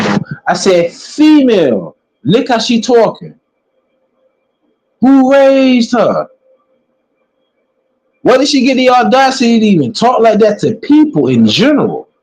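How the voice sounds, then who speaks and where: Preachy male religious commentator, husky voice, drawn-out emphatic words, wide pitch swings. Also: darkish tone, poor audio. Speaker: religious teacher.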